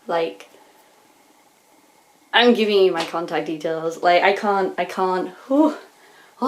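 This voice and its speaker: A young English woman talking casually in a video diary, gushing and excitable, often sighing and sometimes dropping to a hushed near-whisper. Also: medium pitch. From England. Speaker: vlogger.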